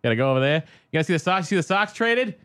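A loud, pushy Boston guy put on by a man with a thick accent, heckling friends about going to the bar. His voice sits higher than his usual talk and rushes along. The sound is dry and close. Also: lively intonation, clear, resonant tone, dry recording.

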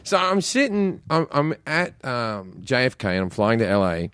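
Telling stories as a guest in a laid-back podcast chat, a male comedian speaks at normal speed in a very animated, mid-range voice. His tone is clear, resonant and a touch bright. He curses freely, stumbles, and restarts his sentences.

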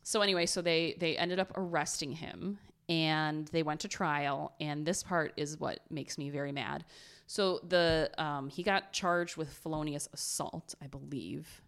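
A woman casually retelling a true crime story on a podcast, animated and blunt, acting out quotes. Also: low-pitched, unhurried. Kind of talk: casual chat.

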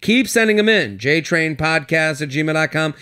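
A man's voice: fairly high pitch, expressive, bright, forceful tone, clean tone. A young man hosting a podcast, giving joking, chatty relationship advice. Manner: joking, chatty, quick asides. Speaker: podcast host. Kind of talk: casual advice chat.

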